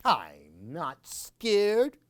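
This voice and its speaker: A man voicing a small, scared baby mummy boy in a storybook reading, with high, pleading calls. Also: wildly swooping pitch, slow pace, no echo, studio quality, exaggerated voice.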